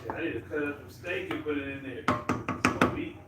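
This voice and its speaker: A man's voice: on the high side, steady tone, fairly quick. Man co-host, joking banter, far from the mic, very echoey with noise. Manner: joking, reads out viewer comments. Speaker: co-host, host's husband. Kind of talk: casual banter. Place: home kitchen.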